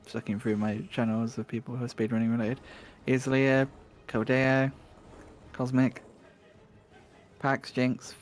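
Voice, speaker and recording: A man's voice: mid-range voice, monotone, unhurried, pauses often. A man moderating a speedrun livestream, talking to viewers in a chatty, joking way with lots of restarts. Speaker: stream moderator co-hosting a speedrun stream. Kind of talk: casual stream chat, talking to viewers.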